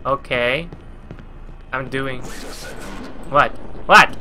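A New Jersey man in his twenties plays a horror game at his home gaming computer, narrating as he goes, jumpy, cursing nonstop and yelping at scares. His medium-pitched voice stretches words out and sounds pushed and bright, with slight background noise.

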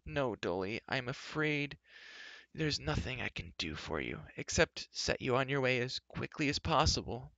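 A man's voice: medium pitch, animated, moderate pace, vocal fry, bright, forceful tone, no echo, pitched above the performer's own voice. A man voicing a timid, gloomy male hermit who speaks in a dismal, anxious whine. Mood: fretful.

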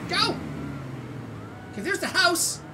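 A woman from Canada hosting a gaming channel, giving excitable let's-play commentary with squeals, shouts and laughter. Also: very high voice, takes it slowly. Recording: distant mic with loud game noise.

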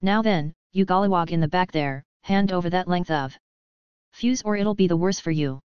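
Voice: medium pitch, moderate pace, smooth, dry recording, lightly acted. A narrator voicing a huge, menacing gangster boss who growls threats in a storybook reading. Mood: threatening. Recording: dull, dry sound.

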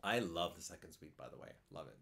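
A man's voice: low voice, animated, fast, gravelly, sharp tone. A man hosting a cello live stream, chatting casually, reading out viewer comments and answering them, often repeating his words as he thinks aloud. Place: home in France.

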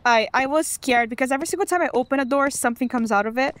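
A woman plays a spooky video game in let's play commentary, chatting nervously to herself about every door and noise. Her voice sits high and she talks very fast, jumpy and chatty throughout.

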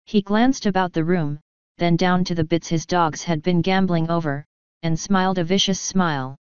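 A woman giving a steady, even fanfiction reading in a dull lo-fi recording. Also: lowish voice, moderate pace, clear, resonant tone, dry recording. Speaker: story reader.

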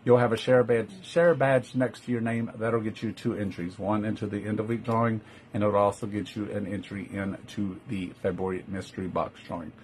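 A man's voice: lowish voice, level tone, brisk, darkish tone, a little hiss or hum. A man with a Texan accent hosting a live-stream jewelry sale, chatty, greeting viewers by name and calling them love. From Texas. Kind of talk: live-stream sales chat.

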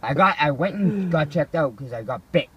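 A man's voice: a little high, lively intonation, normal speed, muffled recording, a little hiss or hum. A man casually telling rambling, profanity-laced stories to a friend. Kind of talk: casual storytelling.

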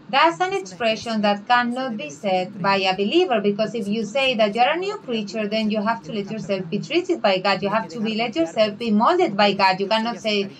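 A woman's voice: fairly high pitch, animated, normal speed, few pauses, poor audio. A woman co-pastor whose first language is Spanish, preaching a sermon in an earnest way and acting out other people's questions. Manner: earnest preaching, acts out skeptics' questions in a raised voice.

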